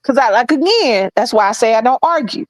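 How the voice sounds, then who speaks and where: A woman's voice: a little high, animated, fairly quick, dry recording, low-quality recording. Blunt, profane woman telling a story. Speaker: podcast co-host telling a story. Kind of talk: casual storytelling chat.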